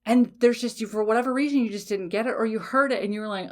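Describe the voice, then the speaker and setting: Frank, animated woman podcast host. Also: on the high side, fast talker, few pauses. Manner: frank, swears freely, keeps checking in with "okay?". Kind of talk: casual solo podcast talk.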